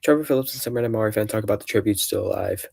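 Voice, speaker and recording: A man's voice: lowish voice, rapid-fire, creaky, a little mellow. A man streaming casually, out of breath, reading game events aloud with rambling, jokey asides.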